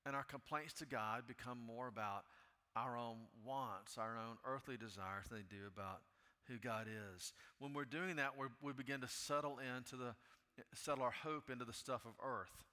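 Impassioned preacher in a reverberant hall. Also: male voice, mid-range voice, normal speed. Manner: rises to loud impassioned pleading when reading scripture. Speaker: pastor. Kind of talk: sermon.

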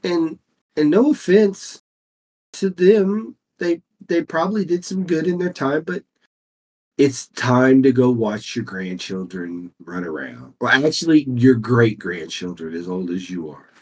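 A man's voice: mid-range voice, expressive, a little slow, darkish tone. A man co-hosting a casual podcast chat in an easygoing, hedging way. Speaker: podcast co-host.

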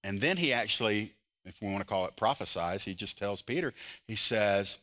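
A man preaching a sermon as pastor, moving between loud, impassioned emphasis and quiet, earnest intensity. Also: fairly low pitch, lively intonation, normal speed.

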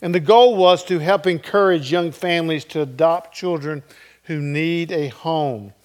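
Man, middle-aged, pastor, sermon, conversational storyteller, slightly high voice, loud to hushed. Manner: conversational storytelling, checks in with listeners; swings between loud and very soft.

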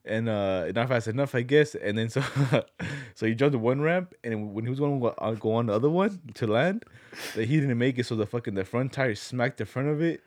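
A man's voice: mid-range voice, fairly quick, a little mellow, no echo, studio quality. A young man telling a story in a loose, slangy way, often repeating words as he goes. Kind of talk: casual chat.

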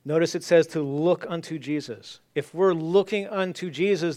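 A man's voice: a little high, normal speed, few pauses, darkish tone. A man preaching a sermon, reading scripture aloud and repeating key lines earnestly. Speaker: pastor.

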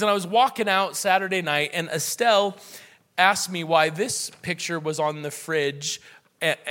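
A man's voice: on the high side, bright, forceful tone. A young man preaching a sermon and leading prayer in an earnest, conversational way.

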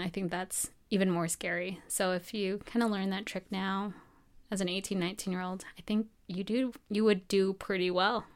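A woman in her twenties, a medical student, chatting casually and telling stories that act out the voices of the people in them. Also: mid-range voice. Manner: animated storyteller acting out quoted dialogue. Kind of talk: casual chat.

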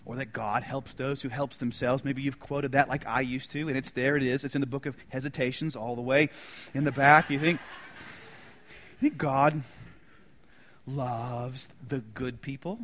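A middle-aged man preaching a sermon, swinging from loud, emphatic lines to soft near-whispers. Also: mid-range voice, fairly even intonation, normal speed. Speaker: pastor.

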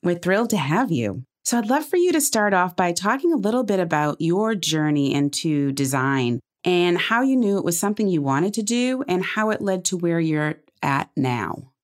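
Lower-voiced woman hosting a podcast. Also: sing-song, moderate pace, hardly any pauses. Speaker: podcast host. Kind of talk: interview questions.

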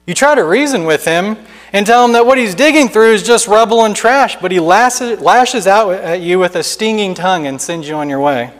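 Man, guest preacher, dramatic storytelling sermon, high voice, long church reverb. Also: normal speed, a bit bright. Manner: dramatic storytelling, building intensity. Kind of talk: sermon with imaginative narration.

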